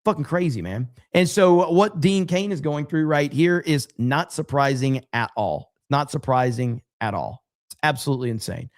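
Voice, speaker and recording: A man's voice: mid-range voice, normal speed. A man hosting a casual livestream podcast, telling stories bluntly and with plenty of swearing. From USA. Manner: blunt, profane, animated storytelling. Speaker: podcast host.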